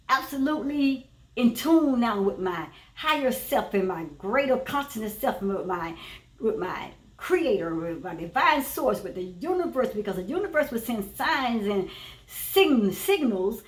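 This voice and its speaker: A woman's voice: fairly high pitch, big pitch swings, measured pace. A woman, a teacher and former preacher, giving a personal spiritual testimony in an earnest, emphatic way, often repeating her phrases. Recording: roomy echo, voice from a distance.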